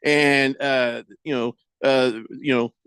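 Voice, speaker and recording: An older man hosting sports talk radio, telling a story with animated energy and a studio mic. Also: medium pitch, slow, clear, resonant tone, dry recording. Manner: animated storytelling, acts out quoted voices.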